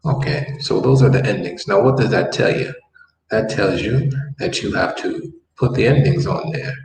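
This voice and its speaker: A man's voice: medium pitch, big pitch swings, normal speed. A man teaching a Spanish lesson, patiently repeating words and explaining step by step. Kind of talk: classroom language lesson. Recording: echoey room, mic far off, faint background noise.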